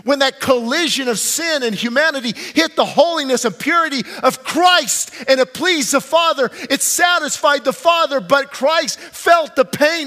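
A male pastor preaching a sermon, swinging between hushed pleading and fervent shouting and repeating phrases for emphasis. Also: very high-pitched, moderate pace, few pauses, big-room sound. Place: church sanctuary.

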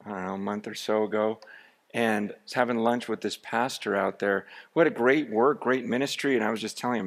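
A man's voice: fairly low pitch, a little fast, vocal fry. A man preaching a sermon in a conversational, anecdotal way, with many restarts. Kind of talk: sermon storytelling.

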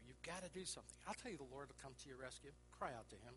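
A man preaching through a personal counseling story, acting out the dialogue, laughing often and dropping to a hushed voice. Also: mid-range voice, animated, rapid-fire, few pauses, big-room sound, slight background noise, poor audio. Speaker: Christian speaker and counselor.

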